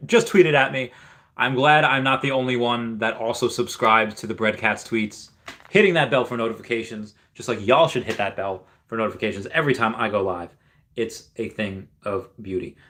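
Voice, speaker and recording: A man chatting on his livestream in a mid-pitched voice, wandering from thought to thought with plenty of restarts and fillers. He reads viewer comments aloud and reacts to them as he talks. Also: brisk, bright, forceful tone. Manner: rambling, with frequent restarts and fillers. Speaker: livestream host. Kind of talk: casual livestream chat.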